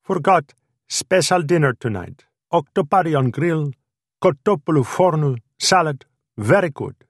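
A man's voice: fairly high pitch, animated, a little slow, breathy edge, no echo, clean studio sound, voice pushed up, full character voice. A man doing a brash Greek waiter. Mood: eager. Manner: clipped broken phrases, pushy.

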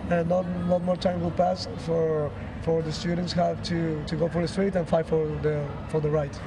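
A young man in his twenties from Venezuela, a student leader, speaking halting English with restarts, interviewed outdoors. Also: fairly high pitch, flat delivery, noisy background. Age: 20s. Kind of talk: interview answer. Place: outdoors at an evening concert.

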